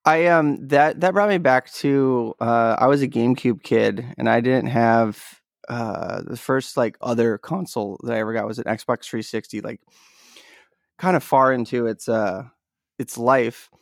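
A man's voice: mid-range voice, unhurried, vocal fry, no echo, studio quality. A young man co-hosting a casual podcast chat, telling rambling stories and laughing often. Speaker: podcast co-host.

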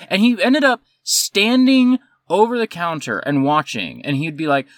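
A man telling coffee shop war stories on a casual podcast. His voice is bright and crisp, and his pitch leaps around as he acts out every exchange. The sound is close and dry. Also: moderate pace, hardly any pauses, no room sound. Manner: animated storyteller who acts out both sides of a dispute. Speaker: podcast co-host. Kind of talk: casual chat, storytelling.

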